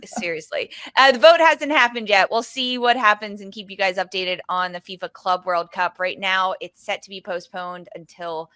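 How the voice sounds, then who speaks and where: A woman's voice: mid-range voice, moderate pace, hardly any pauses, a bit bright, smooth, dry recording. A woman hosting a casual sports panel chat, reading out viewer comments and steering the discussion. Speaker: podcast host.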